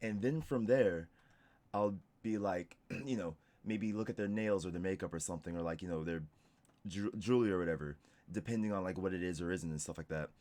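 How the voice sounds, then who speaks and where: A man's voice: low-pitched, brisk, a little mellow. A young man streaming casual reaction commentary, rambling with lots of "like" and restarts. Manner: rambling, heavy use of "like" and restarts.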